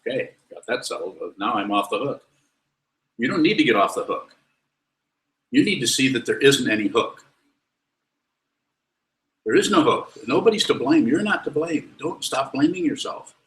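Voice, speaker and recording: A man's voice: mid-range voice, very animated, normal speed, long pauses, fairly bright tone. A man giving a Buddhist dharma talk, blunt and wry, fielding questions from students. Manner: blunt, wry, lectures then lets students ask. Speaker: Buddhist teacher. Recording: roomy echo.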